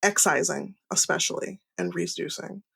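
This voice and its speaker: Gravelly, husky woman chatting about plants. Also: on the low side, normal speed, fairly bright tone. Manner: exuberant, enthusiastic. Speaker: plant shop owner, guest. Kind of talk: casual podcast chat.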